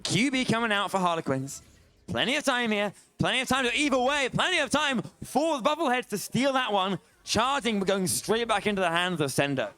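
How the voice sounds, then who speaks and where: A man's voice: sits high, lively intonation, a little fast, pushed and bright, no echo. A young man commentating a live esports match play-by-play, exclaiming at big plays.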